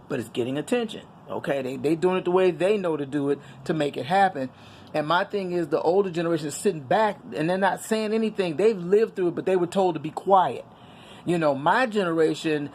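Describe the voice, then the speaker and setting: A woman's voice: deep voice, a little mellow, slight background noise. A middle-aged woman talking candidly and earnestly to her viewers in a casual personal vlog, preaching a little as she goes. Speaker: vlogger. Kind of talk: casual personal vlog on faith and current events.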